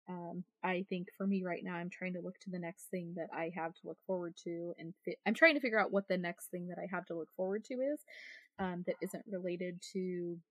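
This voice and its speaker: A woman's voice: fairly low pitch, no room sound. A woman who is a podcast guest, chatting casually with lots of fillers and frequent laughter, poking fun at herself. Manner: self-deprecating, laughs often, talks with many fillers.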